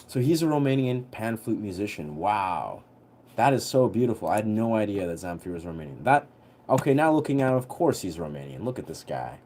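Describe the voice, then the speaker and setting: A young man telling a story on a livestream in a relaxed, rambling way, full of fillers. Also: fairly low pitch, moderate pace, slight background noise. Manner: rambling, heavy on fillers, laid-back.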